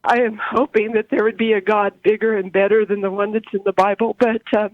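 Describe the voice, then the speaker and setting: A woman in her forties calling in on the phone, halting and emotional, often repeating her words. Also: mid-range voice, flat delivery, no echo. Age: 40s. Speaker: caller. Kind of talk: call-in conversation. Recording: dull phone line.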